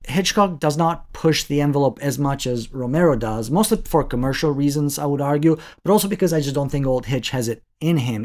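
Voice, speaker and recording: A man's voice: medium pitch, darkish tone. Thoughtful man reviewing an old film. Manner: thoughtful, analytical, with frequent restarts. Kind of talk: video essay commentary.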